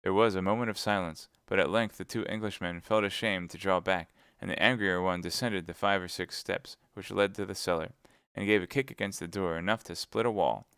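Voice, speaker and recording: A man reading a novel aloud on a live stream with steady, measured narration. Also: low-pitched, clean tone, no echo, studio quality. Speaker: reader.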